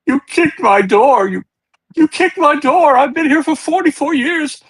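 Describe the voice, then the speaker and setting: A man voicing a terrified elderly man who weeps and pleads, his voice shaking and breaking into shouts. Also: very high voice, unhurried, pitched above the performer's own voice, heavily acted, low-quality recording. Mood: desperate weeping. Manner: sobbing, shaky, pleading, rising to shouts. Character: terrified weeping old man guarding cabin.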